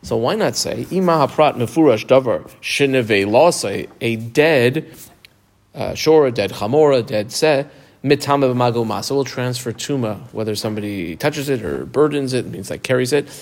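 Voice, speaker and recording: A man's voice: mid-range voice, lively intonation, normal speed, a little mellow. A man teaching a text lesson, explaining step by step and asking questions as he goes. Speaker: Talmud teacher.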